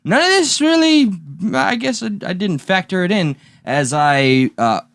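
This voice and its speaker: A man's voice: high-pitched, very animated, measured pace, fairly bright tone, clean tone, no echo, studio quality. A man co-hosting a casual podcast, rambling through a story with lots of swearing and restarts. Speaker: podcast co-host. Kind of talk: casual banter.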